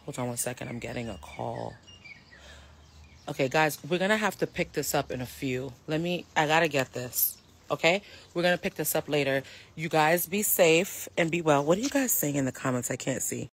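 Woman from the US, low register with lively swings, heated live-stream rant, profane and direct. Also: moderate pace. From United States. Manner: heated, blunt, swears freely, talks to viewers directly.

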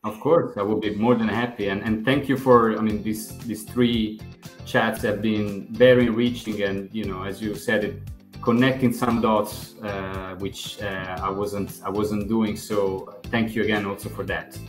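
A man's voice: lowish voice, fairly even intonation, measured pace, echoey room, soft background music. A man being interviewed as a podcast guest, speaking thoughtfully and hesitantly with frequent fillers and restarts. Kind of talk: reflective conversational interview.

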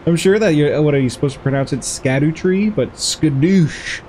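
A man's voice: on the high side, fast talker, warm tone, slight background noise. A man playing a video game and chatting through it in a playful, rambling way, giggling and talking to the characters on screen. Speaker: gameplay streamer. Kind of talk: casual game commentary.

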